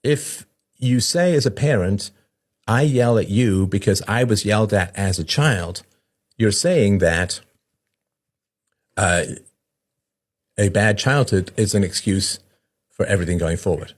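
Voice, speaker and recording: A man's voice: fairly low pitch, a little slow, long pauses. A man hosting a talk show, explaining in a conversational way, often asking "right?" and acting out the voices of the people he quotes. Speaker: podcast host. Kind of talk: explanatory monologue.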